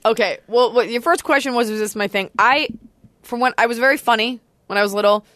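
A woman's voice: a little high, brisk, a bit bright, dry recording. A woman from Texas in her thirties, chatting as a comedian guest on a podcast in a playful, jokey way, often breaking into silly improvised songs and impressions. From Dallas, Texas. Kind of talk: casual podcast chat.

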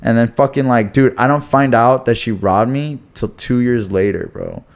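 A young man from Houston tells a story in a podcast chat. He talks loosely and with energy, full of slang. His voice sits in a middle pitch. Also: normal speed, vocal fry. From Houston, Texas. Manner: slangy, animated, says "bro" constantly. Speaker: podcast co-host.

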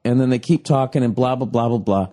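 A man's voice: mid-range voice, fast talker, mellow. Male podcast co-host, mid-range voice, profane, loose storyteller. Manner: profane, rambling, mocking. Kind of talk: crude comedic storytelling.

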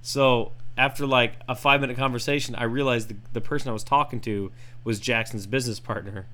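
A man co-hosting a podcast and telling a story in casual chat, animated and jumping into high voices when he quotes people. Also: fairly quick. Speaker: podcast co-host.

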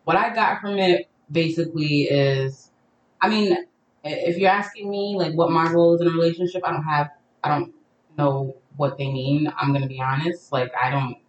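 A woman's voice: sits low, steady tone, moderate pace. A woman with a New York accent co-hosting a casual podcast, talking loosely with lots of ums. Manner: casual, filler-heavy, laughs often. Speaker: podcast co-host. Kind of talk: casual chat. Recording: roomy sound from a distant mic.

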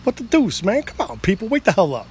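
A man's voice: high-pitched, wildly swooping pitch, quick pace, breathy edge. A middle-aged man with an upstate New York accent, hosting a loose, rambling solo podcast, swearing and joking at himself, a bit tipsy after a few drinks. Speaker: podcast host.

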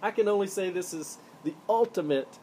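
A man with a fairly high but warm, mellow voice teaches scripture on his own podcast, earnest and emphatic as he leans on key words. A faint hiss sits under the recording. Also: moderate pace. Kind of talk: solo Bible-teaching podcast.

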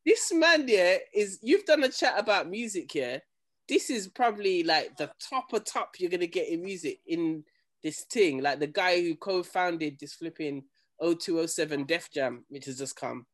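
Young man, slangy animated storyteller, somewhat high voice. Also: normal speed. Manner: animated storytelling, slangy, acts out quoted people. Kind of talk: casual chat.

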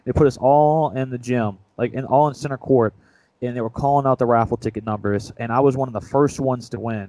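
A man's voice: mid-range voice, fairly even intonation, brisk, dark tone, low-quality recording. A young man co-hosting a casual sports podcast, retelling a story in a rambling, self-mocking way. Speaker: podcast co-host.

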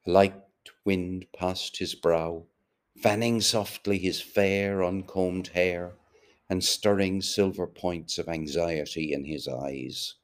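A man narrating a literary novel as an audiobook, measured and deliberate. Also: deep voice, fairly even intonation.

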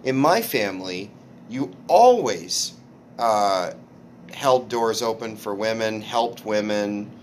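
Male comedian host, low voice, halting anecdotal delivery with swearing. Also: animated, a little hiss or hum. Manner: halting storyteller with restarts and swearing. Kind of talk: casual podcast chat.

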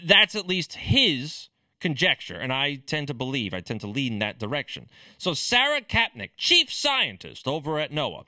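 Bright, sarcastic male commentator. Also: on the high side, wildly swooping pitch, moderate pace, dry recording. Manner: sarcastic, scornful. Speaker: political commentator. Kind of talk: ranting commentary.

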